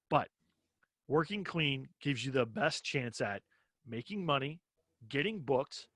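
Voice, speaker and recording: Male comedy podcast co-host, opinionated and animated, dry close mic. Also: medium pitch, no echo. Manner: opinionated, animated, acts out quoted exchanges. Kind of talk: casual podcast chat.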